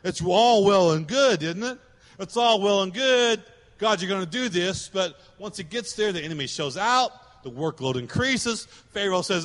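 A man preaching a sermon as pastor, animated, acting out the voices of God and Pharaoh. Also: high voice, normal speed. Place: church sanctuary. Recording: church hall with long reverb.

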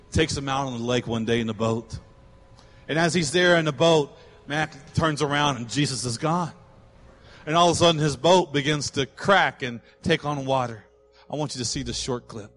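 A man's voice: mid-range voice, fairly bright tone, big-room sound. A man preaching a sermon, emphatic and repetitive, swelling to passionate cries. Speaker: pastor.

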